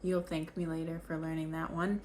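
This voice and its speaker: A woman's voice: deep voice, level tone, brisk, darkish tone, a little hiss or hum. A young woman teaching basic vocabulary, patiently repeating each word so learners can follow along. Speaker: French teacher. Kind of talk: slow vocabulary lesson.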